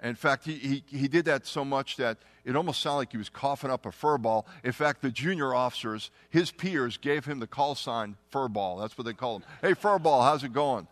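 Man, middle-aged, earnest testimony, hushed at serious moments, average pitch. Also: moderate pace, hardly any pauses, no echo. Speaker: testimony speaker. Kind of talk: personal testimony storytelling.

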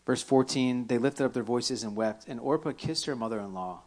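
A man preaching a sermon in a church, animated, rising loud on key points and dropping soft when quoting. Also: medium pitch, moderate pace. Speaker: pastor.

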